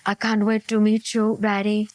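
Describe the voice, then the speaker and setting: A woman mockingly voicing a young female online scammer who spins a sob story, slow and coy. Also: completely flat delivery, no echo, natural voice. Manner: slow, lowered, coy delivery.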